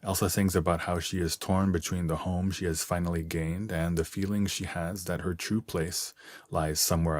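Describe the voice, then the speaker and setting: A man, a translator, reading his own written column aloud in a measured, deliberate way. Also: deep voice, a little mellow, no room sound, studio quality.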